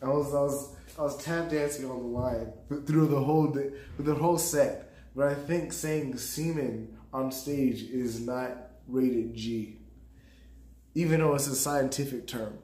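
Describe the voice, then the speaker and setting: A man's voice: medium pitch, unhurried, mellow. A man streaming live, casually rambling about a comedy set, laughing often and talking to his chat. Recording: roomy echo.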